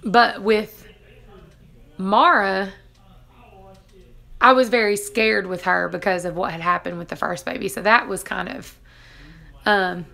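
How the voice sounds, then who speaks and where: A woman's voice: medium pitch, fairly even intonation, a little slow, vocal fry, long pauses, pushed and bright. A woman in her thirties, chatting casually on a live stream, laughing often and acting out what people said. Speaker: vlogger reading live chat.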